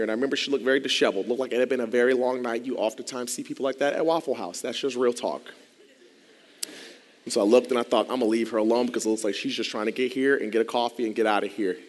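A man with a high voice tells a personal story to a room. He talks in animated swings, jumping to loud excitement, then sinking to a hush. His voice carries a long reverb from a large hall. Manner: animated, swinging between loud excitement and hushed low tones. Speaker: storytelling speaker.

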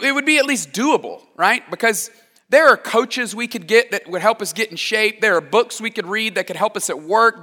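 A man in his thirties delivering a sermon in a relaxed, joking, self-deprecating way. His voice sits high and sounds bright and forward. The sound carries a long hall reverb, as from a large church. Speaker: pastor.

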